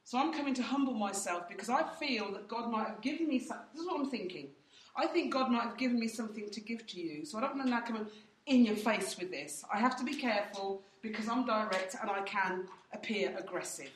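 A woman with a fairly high, expressive voice leads a church training session, speaking a little fast. She teaches directly through personal anecdotes, acting out what people said, and the audio is distant in an echoey room.

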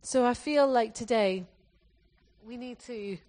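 A woman's voice: a little high, slow, darkish tone. A woman preacher from England giving an earnest sermon, often restarting her phrases as she exhorts the congregation.

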